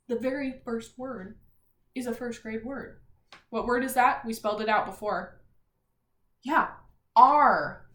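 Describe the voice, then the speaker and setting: A woman teacher leading a reading and spelling lesson for young children, sounding out letters and words in a clear, encouraging way. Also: fairly high pitch, fairly bright tone, reverberant.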